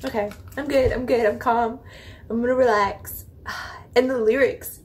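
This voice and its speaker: Hosting a reaction video, a young woman with a slightly high voice talks at normal speed. Her chat is excited and casual, gushing and rambling, with swearing and laughter mixed in.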